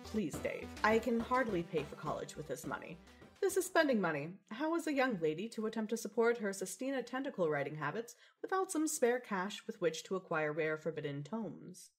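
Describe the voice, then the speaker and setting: Woman voicing an arch witty gamer girl, dry and wordy, lively pitch. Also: brisk, faint music behind. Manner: arch, dry, elaborate wordplay. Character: aloof witty young woman, gaming prodigy.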